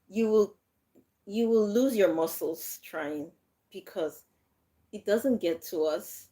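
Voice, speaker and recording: A woman's voice: mid-range voice, a little mellow. Brief laughing woman livestream host. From Nigeria. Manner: chatty, laughs often, frequent fillers and restarts. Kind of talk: casual live chat answering viewer comments.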